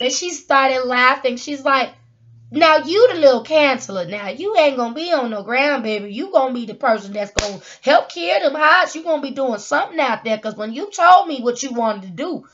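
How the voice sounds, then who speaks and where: Woman, high voice, animated personal testimony, acts out quotes, muffled lo-fi recording. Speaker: motivational speaker. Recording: dull lo-fi sound.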